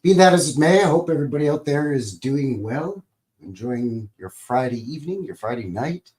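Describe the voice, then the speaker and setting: A man with a mid-range voice hosts a relaxed livestream. He rambles in a folksy, joking way and keeps calling out viewers by name. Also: medium pitch, normal speed. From Calgary, Alberta, Canada. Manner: jokey, folksy, rambling, greets chat by name. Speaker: livestream host. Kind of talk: casual livestream chat.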